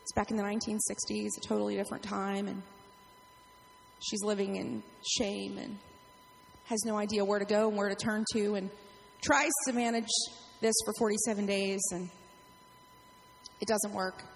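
A middle-aged woman pastor preaching a sermon, telling a personal story in an animated way. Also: medium pitch, moderate pace, gravelly, in a large hall, slight background noise.

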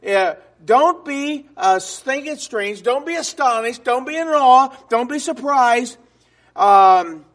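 A man's voice: very high-pitched, fairly bright tone. A man preaching a sermon to a congregation in church, emphatic and full of rhetorical questions.

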